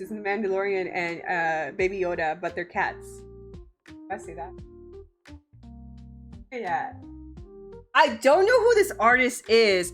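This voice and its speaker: A woman's voice: medium pitch, bright, forceful tone. A young woman streaming from home, chatting casually with her viewers, giggling often and swearing freely. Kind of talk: casual live-stream chat.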